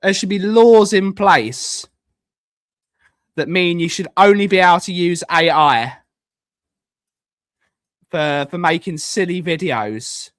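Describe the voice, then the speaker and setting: A man's voice: high-pitched, slow, long pauses, a bit bright. A man hosting a casual live stream, rambling and joking and repeating himself as he clicks through things on screen. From United Kingdom.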